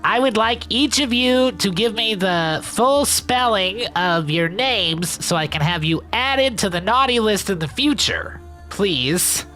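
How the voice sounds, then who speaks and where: A man voicing a prim, officious character who speaks slowly and overly formally. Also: high voice, lively intonation, pushed and bright, faint music behind, voice pushed up, heavily acted. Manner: slow, overly formal and polite.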